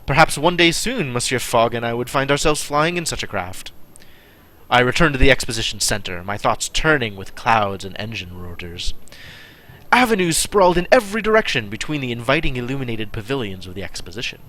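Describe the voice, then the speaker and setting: A man's voice: medium pitch, animated, brisk, bright, forceful tone. A man streaming a text adventure game, reading the story aloud and adding wry, chatty asides. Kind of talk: live game play with narration.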